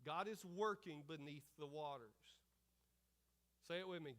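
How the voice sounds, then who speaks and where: A man's voice: fairly high pitch, measured pace, fairly bright tone. A male pastor preaching a sermon at a church service, repeating key phrases and calling out to the congregation.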